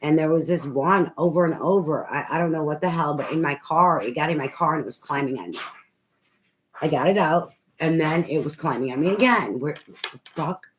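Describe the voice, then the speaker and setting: A woman's voice: low voice, a little fast. A woman giving a casual spoken tarot reading, rambling, swearing freely and laughing often. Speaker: tarot reader. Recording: noisy home recording.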